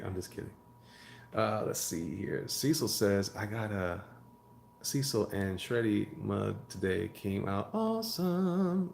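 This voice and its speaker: Low gravelly dude rambling through chat on a drawing stream, echoey room w/ faint hum. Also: male voice, expressive, unhurried, darkish tone. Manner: rambling, jokey, reads chat aloud and riffs. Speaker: comic artist streaming while drawing. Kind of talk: casual live-stream chat.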